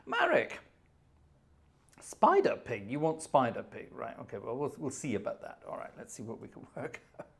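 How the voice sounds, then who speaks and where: A man with a medium-pitched, gravelly voice hosts a live organ concert stream at a brisk clip. He chats casually and rambles, thinking aloud as he searches for things and thanking viewers by name.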